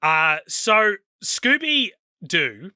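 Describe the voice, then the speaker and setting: Male podcast co-host, wry casual banter, bright voice, dry sound. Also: high-pitched, big pitch swings, very slow, no echo. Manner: wry, joking, reads out from notes. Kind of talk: casual chat.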